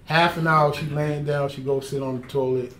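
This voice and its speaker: A man with a slightly high voice spins a story for friends in a relaxed podcast chat. He talks in slang and swears freely, and his delivery stays lively and animated throughout. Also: moderate pace. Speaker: podcast guest. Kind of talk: casual chat.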